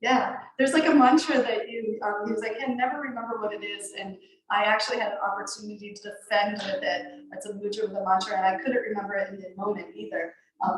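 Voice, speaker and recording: A woman's voice: mid-range voice, fairly even intonation, a little fast, hardly any pauses. Woman, yoga teacher, casual rambling instruction, strong room echo, far from the mic. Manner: chatty, rambling with fillers and laughs. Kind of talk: beginner workshop instruction. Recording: very echoey room, distant mic.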